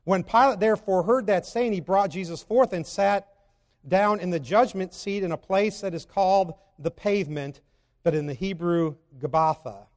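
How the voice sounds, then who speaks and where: A man with a high voice preaches a sermon, and a long reverb from the hall hangs on his words. He alternates between loud, emphatic stretches and quiet, slow reading of scripture.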